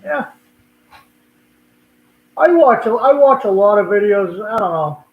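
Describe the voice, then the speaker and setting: An older man with a Boston accent hosts a casual livestream, rambling and often repeating or restarting his words. His voice is fairly high for a man, animated, and a little slow. The audio is thin and phone-like, with heavy room echo and a little hiss or hum.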